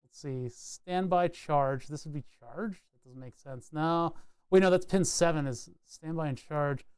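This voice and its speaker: A man's voice: fairly high pitch, unhurried, clean tone, no echo. Chatty man reading datasheets aloud. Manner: chatty, rambling, jokey asides while reading datasheets. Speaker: PCB design streamer. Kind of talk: casual live-stream walkthrough.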